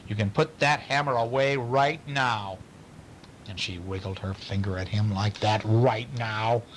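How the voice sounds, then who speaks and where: A man reading a bedtime story aloud to a child, pausing to ask questions in a playful way. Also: lowish voice, steady tone, background noise.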